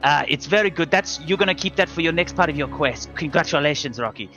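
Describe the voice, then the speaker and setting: A man's voice: on the high side, expressive, pushed and bright, dull audio, faint music behind. A man playing a hammy evil wizard in an improvised comedy sketch, theatrical and jokey. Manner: theatrical, jokey, drawn-out phrases. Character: hammy evil wizard, oddly Italian-tinged.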